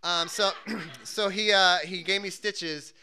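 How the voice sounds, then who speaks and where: A man's voice: high voice, slow pace, bright, forceful tone, soft background music. A man telling a funny personal story, acting out the scenes with cries and screams.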